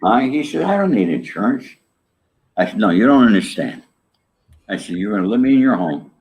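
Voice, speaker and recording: A man's voice: fairly low pitch, a little fast. An older man, an interview guest, telling a story in casual chat and acting out the lines of the people in it. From New York. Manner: animated, acts out quoted dialogue. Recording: dull lo-fi audio.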